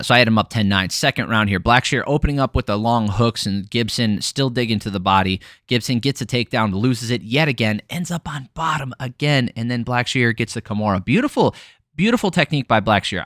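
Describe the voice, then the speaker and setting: A man's voice: mid-range voice, fairly bright tone, no room sound, clean studio sound. A man hosting a casual fight recap, talking bluntly with frequent swearing and filler words. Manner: blunt, frustrated, swears freely, many fillers. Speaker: MMA podcast host.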